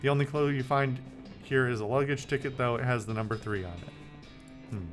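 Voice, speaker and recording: A man's voice: medium pitch, steady tone, normal speed, over music. A man hosting a video game playthrough, reading the game text aloud with playful commentary in a wry, joking, rambling way. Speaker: let's play host.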